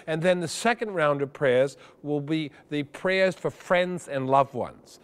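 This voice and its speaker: A middle-aged man performing a wry, animated storytelling monologue, over a steady hum. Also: fairly high pitch, measured pace, clear, resonant tone. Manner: animated, wry, increasingly breathless. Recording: hum and noise under voice.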